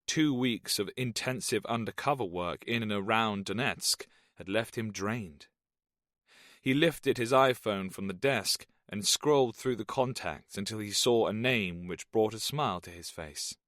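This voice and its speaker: Casting: male audiobook narrator, steady thriller reading, dry close recording. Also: lowish voice, measured pace, dry recording. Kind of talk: scripted narration.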